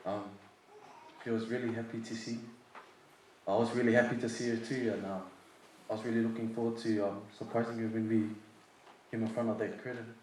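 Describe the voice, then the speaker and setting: A young man, a grandson, giving an informal testimony at a memorial service. He pauses often with ums and tells gentle funny stories about his grandmother. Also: lowish voice, level tone. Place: large echoey hall at a family service. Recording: echoey hall with background noise.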